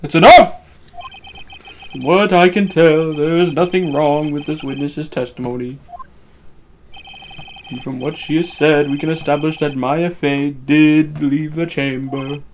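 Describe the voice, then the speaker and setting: A man's voice: fairly high pitch, fairly even intonation, a little slow, pauses often, a little hiss or hum. A man voicing a meek older male judge, hesitant and deferential, in a game fan dub. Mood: dithering.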